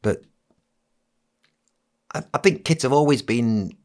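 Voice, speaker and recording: A man's voice: mid-range voice, expressive, takes it slowly. A middle-aged man, a ventriloquist, chatting casually in an interview with many restarts. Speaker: ventriloquist and entertainer, guest.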